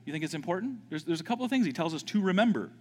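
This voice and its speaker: Guy preaching a sermon, really animated, stumbles and repeats words, echoey church hall. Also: high voice, very fast. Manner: animated, repeats words, acts out panicked voices. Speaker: pastor.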